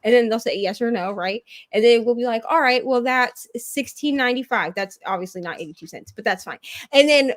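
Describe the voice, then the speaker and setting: A woman with a high voice chats on a reading livestream, spinning a story and playing out the voices of other people. The sound is dry and close, like a video call. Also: brisk, no echo. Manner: chatty storyteller, acts out customer voices. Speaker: channel host. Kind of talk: casual chat on a reading livestream.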